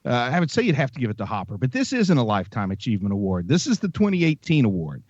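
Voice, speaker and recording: A man co-hosting a movie podcast in casual chat, wry and quick to mock himself. His pitch is lively and moves a lot. The audio is dry and slightly dull. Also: dry recording. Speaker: podcast co-host.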